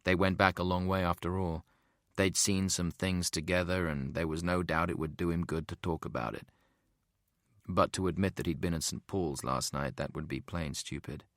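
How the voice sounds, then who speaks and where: A man reading a thriller audiobook in steady, measured narration. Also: deep voice, no room sound, clean studio sound. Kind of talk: scripted narration.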